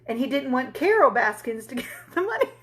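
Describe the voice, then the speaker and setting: A woman's voice: sits high, sing-song, fairly quick. A woman hosting a casual crafting livestream, telling a story in a chatty way and talking to viewers as she works. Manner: chatty storyteller, answers viewers, swears and laughs freely. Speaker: tumbler crafting livestream host.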